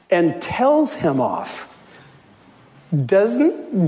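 A man preaching a sermon, telling a story with lively, animated delivery and frequent laughs. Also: high-pitched. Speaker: pastor. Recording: long hall reverb.

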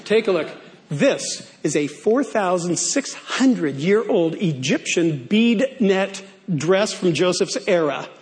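A male pastor preaching a sermon in a playful way, stretching key words out for emphasis. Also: high-pitched.

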